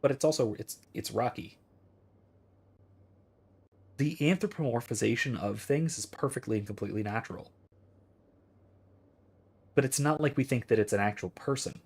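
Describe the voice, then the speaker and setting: Husky guy in his 30s rambling through philosophy ideas, restarts a lot, mid pitch. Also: normal speed, pauses often. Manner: rambling, thinks aloud with restarts. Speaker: philosophy streamer reading chat. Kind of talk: casual philosophical discussion.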